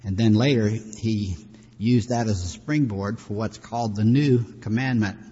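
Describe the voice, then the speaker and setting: A pastor preaches a sermon in a folksy, conversational teaching style, tossing in friendly asides. His voice is lowish, mellow and a little breathy, and he speaks at a measured pace. The dull lo-fi recording carries a long hall reverb.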